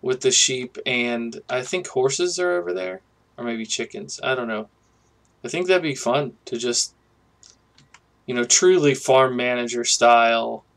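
A man hosting a casual gameplay commentary, musing and thinking aloud in a relaxed way. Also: medium pitch, unhurried, creaky. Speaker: gaming channel host.

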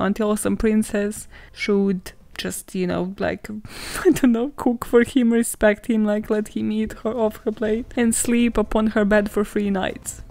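A woman's voice: mid-range voice, a little mellow, dry recording. A young woman hosting a podcast, retelling a fairy tale in casual, sarcastic commentary full of laughs, swearing and filler words. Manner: sarcastic, laughing often, heavy swearing, lots of "like". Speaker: podcast host. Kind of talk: casual comedic storytelling commentary.

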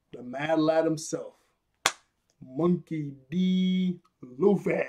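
A young man with a fairly high, warm and mellow voice chats through an anime episode recap. He laughs often and slips into character voices to act out scenes. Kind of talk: casual recap commentary.

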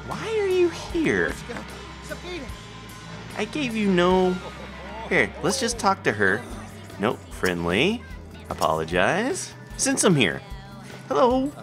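A man talks through his video game as he plays, chatting to the characters on screen. His pitch leaps around wildly while he keeps an unhurried pace. Soft game music plays underneath him. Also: huge pitch swings. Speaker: gameplay commentator. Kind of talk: casual let's play commentary.

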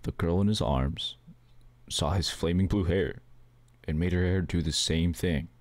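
A man reading a homemade bedtime story aloud, halting and correcting himself often. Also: deep voice, no echo. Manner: halting reading, frequent restarts and self-corrections. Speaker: amateur storyteller.

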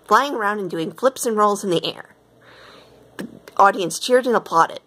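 A woman reading a children's storybook aloud in a plain, steady narrating voice. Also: fairly low pitch, moderate pace, breathy edge. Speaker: storybook reader.

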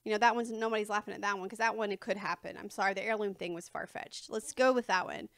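A woman's voice: medium pitch, fairly even intonation, fast, fairly bright tone. A woman preaching to her congregation in a chatty, informal way, often laughing between her points. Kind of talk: conversational sermon. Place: church sanctuary before a congregation.

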